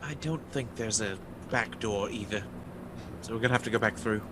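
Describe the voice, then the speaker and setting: A man playing in a tabletop game, laughing and halting as he talks through his rolls. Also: lowish voice, background noise. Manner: laughing, halting, self-correcting. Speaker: player. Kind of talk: casual tabletop play.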